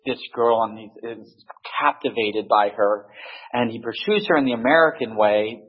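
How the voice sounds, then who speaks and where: A man telling a story casually to a group, halting and restarting often, on a dull lo-fi recording. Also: medium pitch, breathy edge. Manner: halting, many restarts and fillers. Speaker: speaker in a group discussion.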